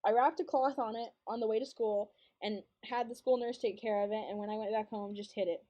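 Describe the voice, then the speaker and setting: A woman's voice: a little high, steady tone, fairly quick, muffled recording. A young woman streaming a game and chatting casually, telling a story with frequent laughs and lots of repetition. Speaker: streamer and co-host. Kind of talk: casual storytelling while gaming.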